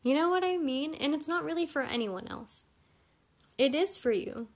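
A woman's voice: high-pitched, expressive, moderate pace. Chatty young woman giving advice. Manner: chatty, informal, with fillers and laughs. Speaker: podcast host. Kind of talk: casual advice monologue.

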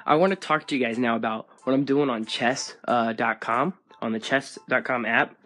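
A young man vlogging, telling a story in an animated, laughing way and acting out the people in it. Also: mid-range voice, normal speed. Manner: animated, laughing, acts out the people in his stories. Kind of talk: casual storytelling.

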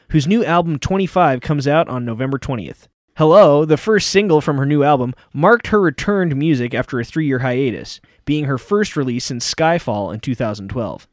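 Male announcer, somewhat high voice, dry close sound. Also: dry recording. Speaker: host. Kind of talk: mock radio announcing.

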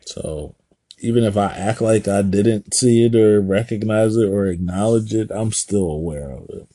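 A man chatting casually on a podcast, speaking in a measured, slightly hesitant and dry way. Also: fairly low pitch, warm tone, dry recording. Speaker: podcast co-host. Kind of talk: casual chat.

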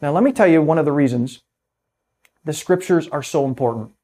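A man preaching a sermon as pastor, earnest, slowing down to stress key phrases and dropping to a hush on closing words. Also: on the high side.

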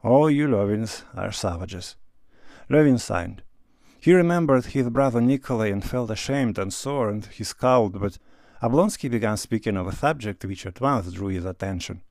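A man narrating a classic novel in a measured, even reading. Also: mid-range voice, no echo, studio quality. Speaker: audiobook narrator.

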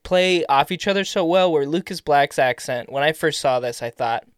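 A man in his twenties, co-hosting a casual film discussion podcast in an animated way and laughing often. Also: a little high, moderate pace, smooth, no room sound, clean studio sound. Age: 20s. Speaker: podcast co-host.

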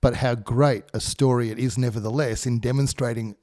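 Man, mellow dark voice, dry close sound, animated laughing storyteller. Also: fairly quick, no echo. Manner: animated, laughing storyteller, pitch jumps when excited. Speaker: podcast co-host. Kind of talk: casual chat, anecdote.

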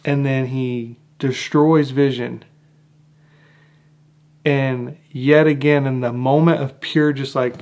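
A man giving an enthusiastic monologue breaking down a film, stretching out words for emphasis and acting out reactions. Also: medium pitch. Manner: animated, drawn-out emphatic phrasing with acted-out reactions. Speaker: film analyst.

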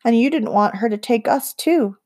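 An earnest young boy, voiced by a woman narrator speaks gently and sincerely. There is no big character voice; it is a light storybook reading. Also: on the high side, moderate pace, lightly acted.

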